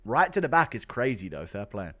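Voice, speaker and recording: A male streamer giving loud, profane play-by-play while he reacts to a fight and reads chat. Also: lowish voice, a little fast. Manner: excitable, profane, loud bursts. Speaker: streamer host.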